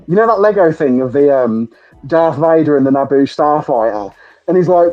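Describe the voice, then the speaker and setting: A British man hosting a podcast, chatting excitably with lots of laughter and swearing. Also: fairly high pitch, brisk, lo-fi sound, faint music behind. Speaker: podcast host. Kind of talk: casual chat.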